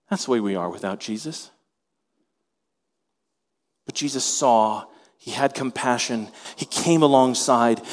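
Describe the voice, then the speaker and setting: A man preaching a sermon, animated, acting out the voices of the people in his story. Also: medium pitch, big-room sound. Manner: animated, acts out voices in quotes. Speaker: pastor.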